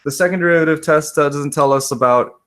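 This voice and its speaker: A man's voice: a little high, fast, fairly bright tone, clear, resonant tone. Chatty male math teacher checking in. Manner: casual, checks in often with "right?"; talks to students by name, self-deprecating asides. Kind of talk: live classroom lesson.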